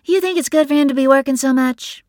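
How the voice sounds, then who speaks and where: A woman's voice: sits high, fast talker, darkish tone, dry recording, studio quality, pitched above the performer's own voice, natural voice. A woman voicing a blunt, caring adult sister in a read story, speaking insistently. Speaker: pharmacist.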